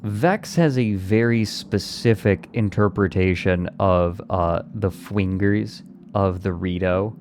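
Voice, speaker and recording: Male livestreamer, deeper register, loose playful chat with viewers, light faint noise underneath. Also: takes it slowly, hardly any pauses, darkish tone. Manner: playful, rambling, answering chat. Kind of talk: casual chat with stream viewers.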